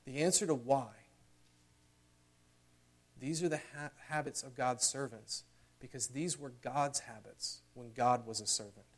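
A man preaching a sermon in a church, earnest, building louder and higher toward emotional peaks. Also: unhurried, pauses often. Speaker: pastor.

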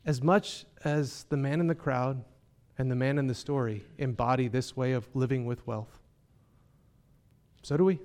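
A man's voice: medium pitch, steady tone, moderate pace, a little mellow. A man preaching a sermon, earnest and emphatic, often asking his listeners rhetorical questions. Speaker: pastor.

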